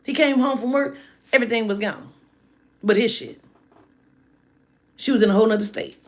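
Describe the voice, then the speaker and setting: Animated, profane woman storyteller. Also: fairly high pitch, normal speed. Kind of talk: casual storytelling monologue.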